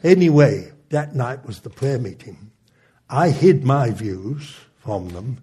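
A man preaching, telling a testimony story in an animated way with frequent chuckles. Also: mid-range voice, slow pace, husky.

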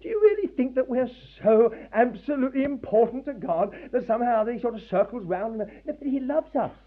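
A high-voiced man preaches with wide swings of pitch, emphatic and full of pauses. His voice is husky, and the old recording sounds thin and tinny, like a phone line. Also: expressive. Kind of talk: sermon.

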